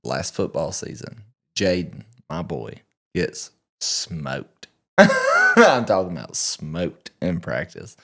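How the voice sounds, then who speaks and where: Rambling low-voiced dad telling stories. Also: male voice, huge pitch swings, slow pace, a bit bright. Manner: rambling, stammering storyteller. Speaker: podcast co-host. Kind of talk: casual chat.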